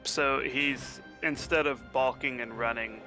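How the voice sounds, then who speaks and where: A male player chats casually at a tabletop game, laughing easily. His voice has a middling pitch and a bright tone, with faint music underneath. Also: steady tone, a little slow.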